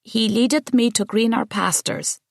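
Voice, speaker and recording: Woman doing a high, dithering woman. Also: normal speed, vocal fry, no room sound, clean studio sound. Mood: solemn. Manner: hesitant, confused.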